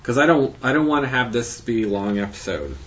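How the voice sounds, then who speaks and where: A man hosting his own podcast, recapping his year in a halting, rambling monologue full of fillers and restarts. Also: medium pitch, lively intonation, fairly bright tone, lo-fi sound. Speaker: podcast host.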